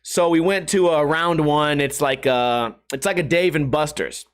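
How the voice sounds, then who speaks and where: Here the solo podcast host speaks unhurriedly, his voice fairly high and clean in tone. It's a casual, rambling show full of swearing, with him laughing at his own jokes and doing voices for quotes.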